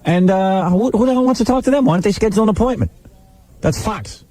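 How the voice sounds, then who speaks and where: A man hosting a radio show, telling stories in a sarcastic, animated way from a studio. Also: high-pitched, fast talker, no room sound. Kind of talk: casual radio banter.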